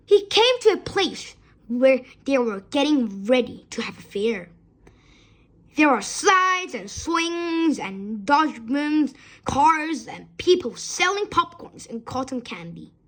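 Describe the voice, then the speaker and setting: A woman reading a children's story aloud expressively, with small slips. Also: sits high.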